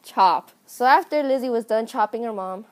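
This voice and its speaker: A woman telling a comic story in a casual, deadpan way full of slang. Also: on the high side, fairly quick. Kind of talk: comedic storytelling.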